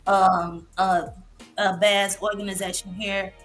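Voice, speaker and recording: A woman in her fifties sharing an emotional personal story as a guest on a live show, halting and full of fillers. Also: medium pitch, little pitch movement, faint music behind. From Massachusetts. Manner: halting, many fillers and restarts. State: emotional, near tears. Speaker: guest speaker, licensed therapist.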